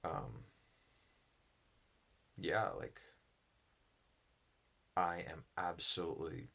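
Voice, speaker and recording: Deep-voiced man musing alone, halting and thoughtful, slow reflective delivery. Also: fairly even intonation, vocal fry, fairly bright tone. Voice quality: low voice. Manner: halting, thoughtful, with pauses and restarts. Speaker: solo speaker on personality psychology.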